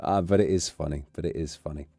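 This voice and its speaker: A man's voice: extremely low pitch, quick pace, no room sound, clean studio sound, soft background music. A man with an English accent, chatting casually and jokingly on his stream. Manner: rambling, joking, animated. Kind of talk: casual chat.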